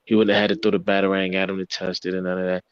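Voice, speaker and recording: Low-voiced man on a dull lo-fi mic. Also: monotone, rapid-fire, smooth, no echo. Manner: chatty, jokey, repeats himself. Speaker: podcast co-host. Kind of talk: casual podcast chat.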